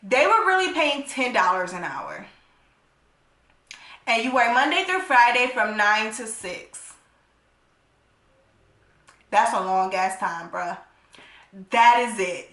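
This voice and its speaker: A woman telling a storytime vlog, animated and emphatic, swearing freely and tagging her points with "okay?". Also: on the high side, measured pace, roomy sound. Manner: animated, emphatic, profane, tagging lines with 'okay?'.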